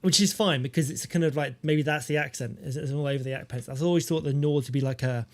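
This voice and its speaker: Brief: joking game streamer, casual commentary, slightly raised pitch. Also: male voice, fast. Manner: chatty, joking.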